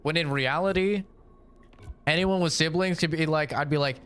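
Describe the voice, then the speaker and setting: A man's voice: a little high, moderate pace, a bit bright, a little hiss or hum. Profane, rambling young man streaming. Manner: crude, profane, rambling storyteller. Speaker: gaming streamer. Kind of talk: casual stream chat.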